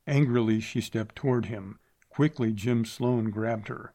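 A man reading a western novel aloud in a measured, steady narration. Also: medium pitch. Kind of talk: audiobook narration.

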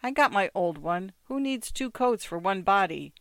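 A reader voicing a frail, generous old rabbi who speaks gently. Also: mid-range voice, expressive, moderate pace, clean tone, dry recording. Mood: mild insistence.

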